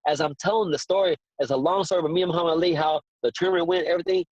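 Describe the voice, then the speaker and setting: A man in his forties, a boxing trainer, telling stories as a guest in a casual interview with earnest, excitable repetition. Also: on the high side, racing, no room sound, muffled recording. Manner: earnest, excitable storyteller who repeats words.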